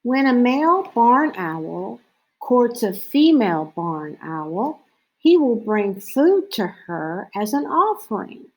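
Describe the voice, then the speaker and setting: A woman reads a nature picture book aloud as a lesson. Her voice sits a little high and she takes her time, reading slowly and clearly. She sometimes breaks into playful owl-call imitations. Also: big pitch swings, poor audio. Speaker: teacher reading to children.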